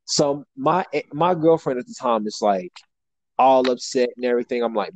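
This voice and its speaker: A young man with a slightly high voice tells a story in casual chat. He jumps in and out of quoted voices, acting out each one. The sound is dry and close. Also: normal speed, no echo, low-quality recording. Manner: animated, acts out quotes with shifting voice.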